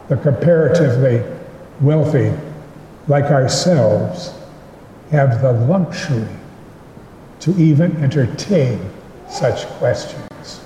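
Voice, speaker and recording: A man preaching a sermon as pastor, in a slow and measured way with deliberate pauses. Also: mid-range voice, lively intonation, warm tone, a little hiss or hum. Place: church sanctuary. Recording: echoey church hall with long reverb.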